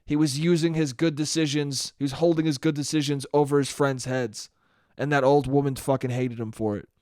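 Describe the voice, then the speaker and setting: A man's voice: mid-range voice, fairly even intonation, fairly quick, darkish tone, dry recording, clean studio sound. A young man hosting a solo podcast, rambling through a profane comedic monologue and laughing at his own jokes. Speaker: podcast host.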